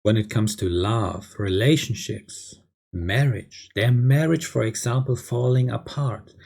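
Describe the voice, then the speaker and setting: A man's voice: mid-range voice, measured pace, creaky, darkish tone, breathy edge. A man delivering a blunt, crude lecturing monologue, often tagging lines with "yeah?". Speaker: video creator. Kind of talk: ranting monologue.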